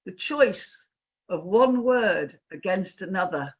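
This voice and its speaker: A husky, slightly breathy woman in her fifties leads an online workshop. She talks like a trainer swapping anecdotes, checking in with listeners as she goes. Her voice comes through a video-call mic. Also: mid-range voice, animated, slow pace. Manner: chatty storytelling, asks the audience questions.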